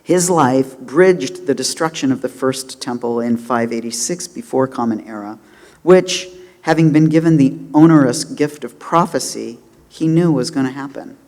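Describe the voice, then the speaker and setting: A man giving a sermon, impassioned and dramatic, swinging between loud declarations and hushed moments. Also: medium pitch, normal speed, long reverb tail. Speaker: rabbi giving a holiday sermon.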